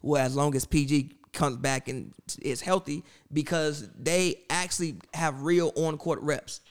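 A young man arguing a point in a loose sports chat, pressing hard and saying the same thing again and again. His voice sits a touch high and comes across smooth and clear. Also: unhurried. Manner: insistent, talks over others, repeats himself. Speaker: co-host. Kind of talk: casual sports debate.

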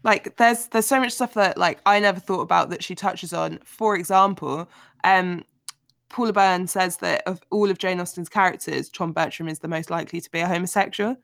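A woman hosting a casual book discussion, talking in an animated, chatty way with frequent filler words. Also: on the low side, moderate pace, vocal fry, no room sound, studio quality. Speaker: podcast host.

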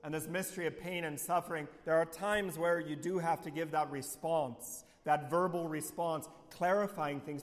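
A man, a priest, giving a reflective homily, often dropping quiet and low on key lines. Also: in a large hall.

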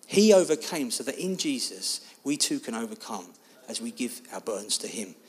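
A man preaching a sermon, telling a personal story in an animated, expressive way. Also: mid-range voice, normal speed, husky.

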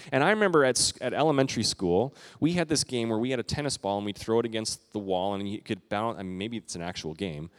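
A middle-aged man giving a sermon as a pastor, earnest and conversational, lifting his voice for emphasis. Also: on the low side.

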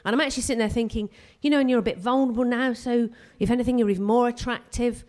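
A woman doing a live stand-up set on a theatre stage, self-mocking and excitable, tripping over her own restarts. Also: a little high, racing, few pauses. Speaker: stand-up comedian.

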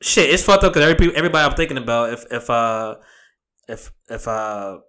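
A man's voice: mid-range voice, expressive, brisk, pushed and bright. A young man co-hosting a podcast, talking in loose, profane, laughing banter. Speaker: podcast co-host. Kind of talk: casual chat.

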